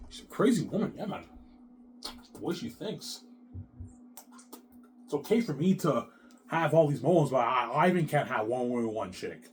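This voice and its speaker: A man in a rambling monologue, repeating himself, swearing and jumping between quiet mumbles and loud outbursts. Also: mid-range voice, lively intonation, moderate pace, pauses often, a little hiss or hum. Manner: repetitive, restarts, keeps saying "man"; profane, agitated swings in loudness.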